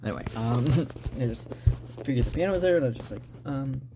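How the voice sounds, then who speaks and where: A man talking unscripted about his novel drafts in a rambling, halting way with many restarts. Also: mid-range voice, animated, over music. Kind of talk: unscripted casual vlog talk.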